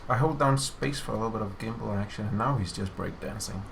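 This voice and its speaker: A man's voice: on the low side, quick pace, creaky, noisy background. A man hosting a developer livestream, chatting casually and teasing his co-host while showing player builds. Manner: jokey, teasing, playful. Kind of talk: casual chat over gameplay.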